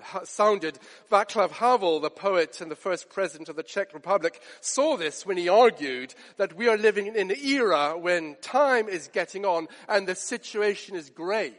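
A man's voice: high-pitched, expressive, moderate pace, few pauses, a bit bright. A man preaching a sermon to his congregation in an earnest way, repeating phrases for emphasis. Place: church. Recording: long church reverb.

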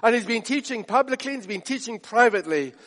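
A man's voice: very high-pitched, animated, fast talker, fairly bright tone. A man preaching a sermon, emphatic, building his point with repetition and rhetorical questions. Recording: long reverb of a hall.

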